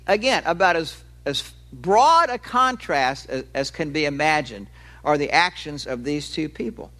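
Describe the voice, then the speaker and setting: A man's voice: on the high side, expressive, moderate pace, pushed and bright. A male preacher giving a sermon in a conversational way. He explains with everyday examples and stretches key words for emphasis.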